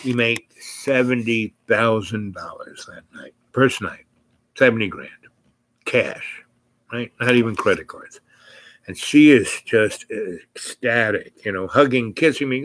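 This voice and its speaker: A man's voice: fairly low pitch, unhurried, a bit bright, no echo. Rambling male storyteller, dry sound. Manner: rambling, many fillers and self-corrections. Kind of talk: casual rambling anecdote.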